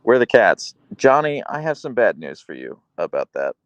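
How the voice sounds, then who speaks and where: A man's voice: on the low side, very animated, moderate pace, no room sound, lo-fi sound. A man live-streaming, reading viewer comments aloud in a playful, teasing, chatty way.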